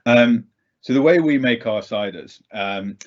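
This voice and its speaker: A man's voice: medium pitch, measured pace. A man giving a casual, chatty talk as a guest speaker over a video call, self-deprecating and full of ums. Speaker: guest speaker for a cider brand. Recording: dull lo-fi video call audio.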